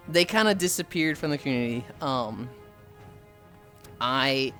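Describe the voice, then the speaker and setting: A man's voice: medium pitch, expressive, a little slow, long pauses, pushed and bright, faint music behind. A man with a Midwestern American accent, streaming live and chatting with viewers in a rambling, swearing way while he answers their messages. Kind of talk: casual chat with viewers.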